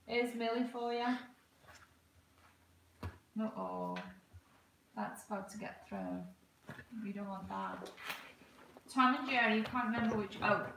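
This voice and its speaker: A woman hosts a livestream, chatting casually with her baby and her viewers as she opens gifts. Her voice is fairly high, with fairly even intonation and a moderate pace. The recording sounds echoey and distant from the mic, with a noisy background.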